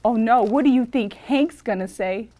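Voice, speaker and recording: A woman's voice: on the high side, moderate pace. A woman librarian reading a picture book aloud to children, stopping to ask them questions. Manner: animated, asks kids questions. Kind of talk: children's story time reading.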